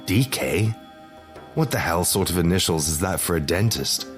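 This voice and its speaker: A gruff gangster, played by the narrator, stammers through his words in a deep man's voice, impatient with pain. Music runs quietly underneath. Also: lively intonation, normal speed. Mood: irritated. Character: tough gangster man in tooth pain, impatient.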